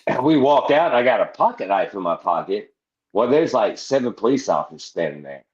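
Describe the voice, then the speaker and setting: A man's voice: on the low side, very animated, fairly quick. A man, a veteran guest on a podcast, telling a long rowdy anecdote with lots of swearing and laughing asides. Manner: profane, rambling anecdote with laughs. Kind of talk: casual storytelling. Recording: roomy, slightly dull sound.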